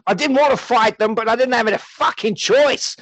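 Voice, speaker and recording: A man puts on a cocky, swearing action-hero dad with a put-on Australian-sounding drawl, pitched up high and punchy. He swaggers through every line, polite one moment and tough the next. The sound is dry and close, with no room around it. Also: brisk, fairly bright tone, dry recording. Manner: swaggering, apologetic then cocky, swears a lot. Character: brash, foul-mouthed martial-arts hero dad. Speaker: podcast host recapping a film.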